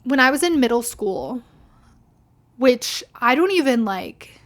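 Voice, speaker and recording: A young woman talks straight to her podcast listeners in a casual, unscripted monologue. Her voice sits a little high, and she is blunt and indignant, cursing freely and filling her sentences with "like". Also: very animated, measured pace, fairly bright tone. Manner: blunt, heavy swearing, frequent "like"; indignant, venting. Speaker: podcast host.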